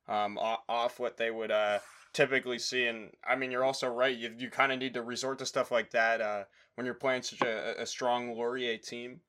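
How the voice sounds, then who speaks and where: A man hosting a podcast who speaks haltingly with many restarts as he asks questions. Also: mid-range voice, sharp tone. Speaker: podcast host. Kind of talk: casual podcast interview.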